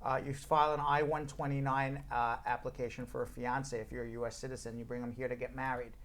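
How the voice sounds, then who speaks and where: A man with a New York accent hosts a live call-in show as an immigration lawyer. He answers questions briskly and with emphasis, cracking jokes between answers. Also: mid-range voice, little pitch movement, a bit bright.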